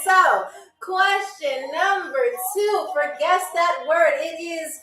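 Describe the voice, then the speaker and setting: A woman's voice: sits high, lively intonation, a little slow, a bit bright. A woman from New York hosting a live trivia game show, chatty and playful, talking straight to her viewers. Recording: echoey room, distant mic, faint music.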